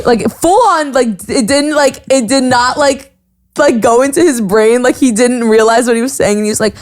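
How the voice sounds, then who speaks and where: A woman's voice: sits high, expressive, moderate pace, darkish tone. A young woman hosting a podcast, chatting casually and bluntly, laughing often and acting out quoted exchanges. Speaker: podcast host. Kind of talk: casual chat.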